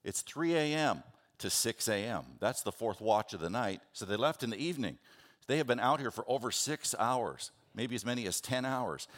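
A man preaching a sermon, telling the scripture story with animated, conversational delivery and acting out the characters' words. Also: medium pitch. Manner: animated storytelling, acts out biblical voices; conversational, with restarts and asides. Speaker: pastor.

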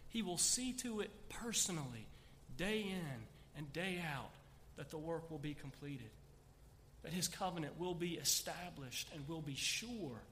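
A male pastor with a high, bright voice preaches in a church sanctuary, stressing scripture passages with rising emphasis. The sound carries a long hall reverb with a faint hum of room noise behind him. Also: lively intonation, unhurried. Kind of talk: sermon.

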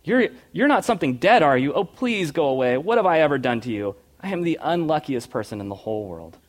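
A man's voice: mid-range voice, sing-song, quick pace, a little mellow. A man voicing a frightened self-pitying boy. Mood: terrified. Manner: whiny, pleading, panicky.

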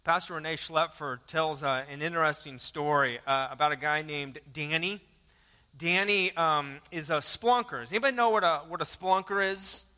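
Male pastor, high and punchy, animated storytelling sermon, long church echo. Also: normal speed, clean tone. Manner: animated storytelling with repeated words and jokes. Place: church sanctuary.

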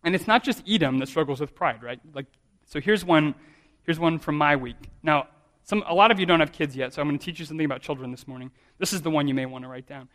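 A man's voice: a little high, fast, a bit bright. A man in his thirties, a pastor preaching a sermon in a conversational, self-deprecating way, often restarting his sentences.

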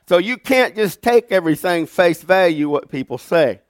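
Folksy pastor spinning a story. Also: male voice, sits high, unhurried, no room sound. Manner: folksy, animated storyteller who laughs through his stories. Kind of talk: sermon with storytelling. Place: church sanctuary.

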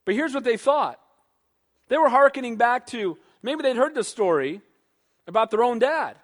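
A man preaching a sermon, animated, who acts out quoted voices and calls for amens. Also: extremely high pitch, normal speed. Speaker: pastor. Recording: long hall reverb.

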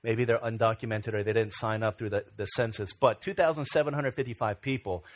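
A middle-aged man from Virginia, a pastor telling stories in a relaxed, self-deprecating way during a sermon. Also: fairly low pitch, a little fast. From Virginia, USA. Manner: conversational, self-deprecating storyteller. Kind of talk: storytelling sermon.

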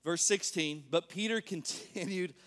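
A man preaching an animated sermon as pastor, joking and asking the congregation questions. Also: sits high, a little slow. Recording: long reverb of a large hall.

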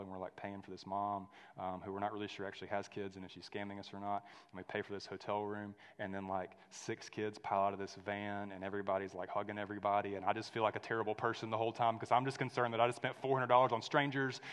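A man in his thirties preaching a sermon, telling a story in a lively way that drops to a hush and rises to loud. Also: on the low side, fast talker, hardly any pauses, clean tone. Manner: storytelling, animated swings from hushed to loud. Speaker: pastor. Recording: long hall reverb.

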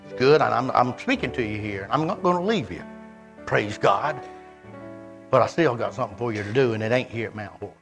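A man preaching a sermon, animated and conversational, voicing God in quoted speech. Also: mid-range voice, fairly quick, faint music behind.

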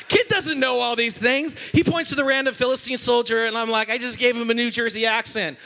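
A man who is a senior pastor, preaching a sermon in a church with animated, playful storytelling. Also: extremely high pitch, moderate pace.

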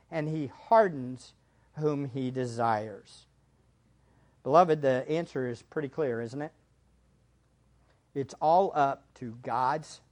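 A man preaching a sermon as pastor, swinging between hushed asides and loud emphatic lines. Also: a little high.

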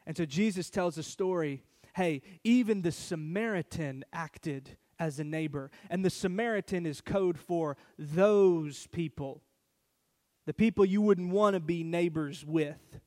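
Animated high-voiced male pastor. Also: a little slow. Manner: storytelling, animated and conversational. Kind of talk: sermon.

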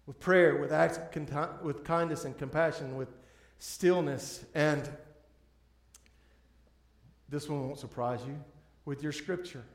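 Guy preaching, kinda high voice, earnest and pleading, roomy church echo. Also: unhurried, creaky. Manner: earnest, pleading, with repeated restarts. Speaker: pastor. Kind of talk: sermon. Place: church sanctuary. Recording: echoey church room.

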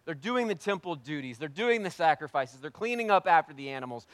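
A man preaching a sermon with a fairly high voice, close and dry on the mic. He swings from quiet, intimate passages to loud, emphatic ones, answering his own rhetorical questions. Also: lively intonation, normal speed, no room sound. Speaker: pastor.

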